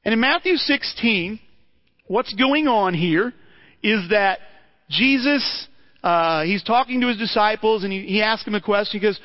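A man's voice: high-pitched, expressive, measured pace, lo-fi sound. A man preaching a sermon in a conversational way, asking his listeners rhetorical questions and often repeating words as he restarts.

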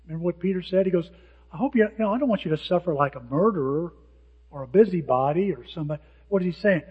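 Animated husky-voiced pastor preaching. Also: male voice, high voice, fast talker. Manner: animated, acts out hecklers' lines. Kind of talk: sermon. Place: church sanctuary. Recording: dull sound with long hall reverb.

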